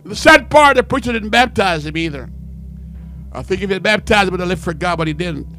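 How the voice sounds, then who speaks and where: A man preaching his own testimony in a high, bright voice that climbs from hushed storytelling into shouted fervor. Faint music plays under his sermon. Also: fast.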